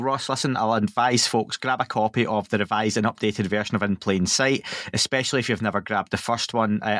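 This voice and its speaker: A man from Glasgow with a Scottish accent, hosting a podcast in a friendly, wry way and reading plugs briskly. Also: lowish voice, fairly bright tone, no room sound, studio quality. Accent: Scottish, Glaswegian. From Scotland, Glasgow. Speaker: podcast host. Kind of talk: casual interview and scripted outro.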